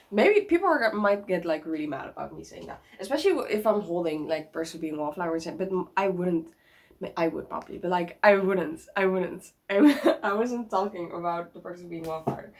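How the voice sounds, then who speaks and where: Young woman, chatty vlog, giggly, rambling, lively and excitable. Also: fairly low pitch, fairly quick, low-quality recording. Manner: bubbly, rambling, giggly, many likes and restarts. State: sick. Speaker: vlogger.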